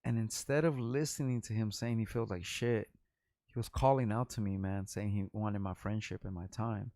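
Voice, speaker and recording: A man's voice: fairly low pitch, fairly even intonation, normal speed, darkish tone, no room sound, clean studio sound. A man in his forties from Los Angeles, a rapper talking in a rambling, profane and candid vlog monologue.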